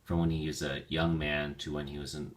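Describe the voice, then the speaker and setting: Deep-voiced man teaching vocabulary slowly. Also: little pitch movement. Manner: slow, careful enunciation of words. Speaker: ESL teacher. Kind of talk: vocabulary lesson narration.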